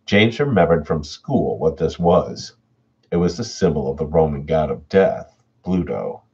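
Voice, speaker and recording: A man reads horror stories aloud on a livestream, chatting casually with viewers between readings. His voice is extremely deep and husky. The recording sounds dull and lo-fi. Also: measured pace. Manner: relaxed and chatty, reads chat messages aloud. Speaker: horror story narrator and livestream host. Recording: dull lo-fi home audio.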